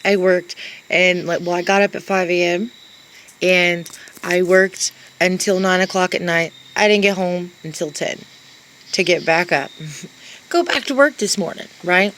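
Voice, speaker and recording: A woman's voice: on the low side, unhurried, a bit bright, a little hiss or hum, poor audio. A woman ranting to the camera, sarcastic and exasperated, laughing often between lines. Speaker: vlogger.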